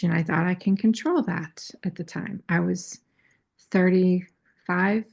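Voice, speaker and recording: A woman hosting her own channel, talking candidly and self-critically about her past. Her voice sits fairly low and is thick with gravelly fry and a husky edge. She often restarts her phrases as she tells the story. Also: fairly even intonation, slow pace, a little mellow. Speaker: astrology and tarot channel host. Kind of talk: casual confessional talk.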